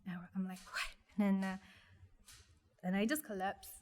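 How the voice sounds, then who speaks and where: A young woman, telling a personal story in an interview, speaking softly and haltingly with many restarts. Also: medium pitch, steady tone. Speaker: guest.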